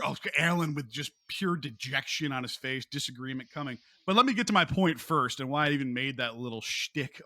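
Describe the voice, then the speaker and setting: Upbeat male podcast host, bright tone, dry close mic, joking and animated. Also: mid-range voice, no echo. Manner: lively, joking, with restarts. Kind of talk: casual podcast chat.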